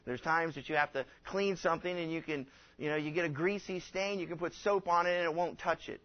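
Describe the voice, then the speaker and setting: A man's voice: a little high, steady tone, fairly quick. A man preaching a conversational sermon as a pastor, folksy and rambling, acting out the people he quotes. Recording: dull lo-fi recording.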